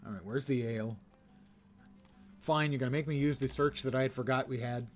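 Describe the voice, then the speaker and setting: A man's voice: medium pitch, fairly quick, soft background music. Wry older man streaming a game. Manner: wry, rambling, self-mocking asides. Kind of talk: live gameplay commentary.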